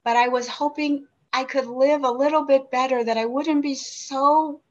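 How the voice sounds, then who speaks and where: A woman in her sixties speaks reflectively about her own recovery, restarting often and asking herself questions. Her voice sits fairly high. The recording is muffled and lo-fi. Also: fairly even intonation, moderate pace. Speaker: member sharing at a recovery meeting. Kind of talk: personal recovery share. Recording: dull lo-fi recording.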